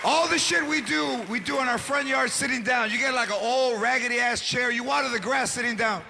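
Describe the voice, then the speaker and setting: High, gravelly comedian on stage. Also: male voice, fairly quick. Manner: loud, punchy delivery mixing Spanish words. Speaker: stand-up comedian. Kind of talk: stand-up comedy set. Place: large theater stage. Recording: live theater show with crowd noise. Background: audience laughter and noise.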